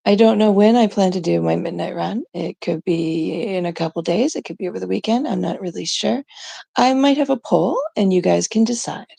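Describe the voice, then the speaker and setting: A woman's voice: medium pitch, a little fast, gravelly, dark tone, slightly rough, dry recording. A woman from Canada chatting casually on a live stream, rambling and giggling through mock-exasperated stories.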